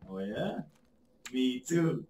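A young man chatting casually while gaming, excitable, swearing and calling his friend bro. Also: mid-range voice, takes it slowly, a little hiss or hum. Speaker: gamer.

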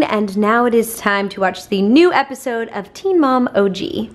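Young woman vlogger, bright-ish voice, chatty and upbeat, faint hiss behind. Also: fairly high pitch, animated, normal speed, few pauses. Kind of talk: casual vlog chat.

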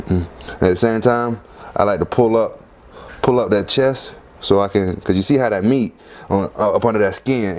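A man hosting a home cooking video, talking casually and lively as he walks through each step. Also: slight background noise. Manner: chatty, lively, punctuates steps with "boom".

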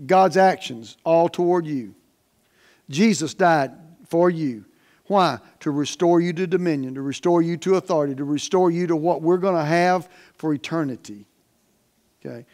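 A man preaching a sermon as the pastor, in a folksy, plain-spoken way, with emphatic swings between loud stresses and quiet asides. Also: fairly high pitch, normal speed.

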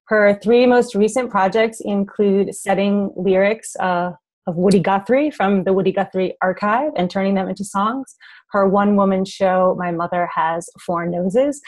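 A woman hosting a songwriting podcast, reading a guest introduction in a measured way before the interview. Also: medium pitch. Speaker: podcast host.

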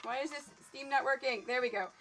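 Bright-voiced, chatty woman streamer. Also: sits high, soft background music. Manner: chatty, quick, thinking aloud. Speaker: quilting livestream host. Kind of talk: casual live tutorial.

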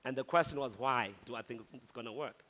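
A man from South Africa giving a humorous, animated conference talk. He tells a story and rises into shouts at the punch lines. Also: medium pitch, quick pace. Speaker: speaker at a conference. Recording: long hall reverb.

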